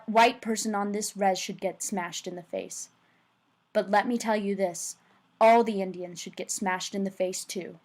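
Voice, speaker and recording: A woman's voice: medium pitch, lightly acted. A woman reading as an earnest male teacher. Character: earnest middle-aged male teacher, urgent. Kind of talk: reading a novel aloud.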